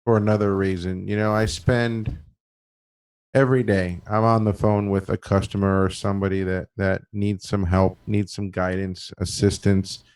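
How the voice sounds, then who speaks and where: Choked-up man, earnest and halting. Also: low voice, level tone, darkish tone, smooth. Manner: earnest, halting, repeats words. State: choked up with emotion. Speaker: fish breeder and show host. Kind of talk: casual chat.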